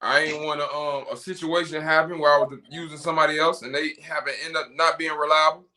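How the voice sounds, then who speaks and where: A man in a casual chat, talking in reflective, slangy, halting sentences. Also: fairly high pitch, little pitch movement, bright, forceful tone.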